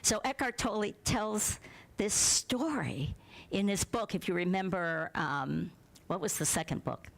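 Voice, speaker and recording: A middle-aged woman minister giving a conversational sermon, asking her congregation questions and sometimes dropping to a soft near-whisper. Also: mid-range voice, unhurried, gravelly.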